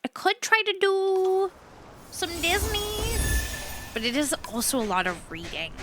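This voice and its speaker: A woman streamer chatting casually while playing a game, relaxed and rambling. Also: very high voice, a little slow, background noise. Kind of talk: casual chat while gaming.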